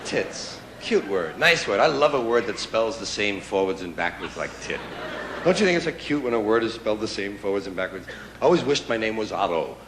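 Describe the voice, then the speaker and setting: A man performing a stand-up comedy routine, riffing and mock-indignant, with sudden loud outbursts, recorded live on stage. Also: lowish voice, lively intonation, fairly quick, noisy background. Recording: old live recording, roomy hall with audience laughter. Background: audience laughter.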